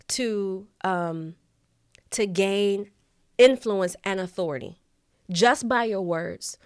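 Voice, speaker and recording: A woman teaching a vocal coaching lesson, speaking deliberately, stressing key words and pausing between them. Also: mid-range voice, no echo, studio quality.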